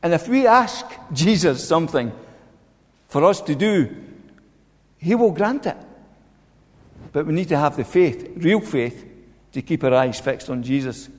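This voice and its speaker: A man's voice: fairly high pitch, expressive, unhurried, pauses often. Man preaching in a reverberant hall. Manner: earnest, repeats key phrases for emphasis. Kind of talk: sermon.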